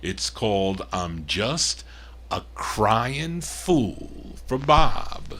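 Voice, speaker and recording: A man's voice: fairly low pitch, sing-song, drawn-out words, noisy background. A man hosting a record show, chatting casually and correcting himself aloud as he introduces songs. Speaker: radio-style show host and record spinner.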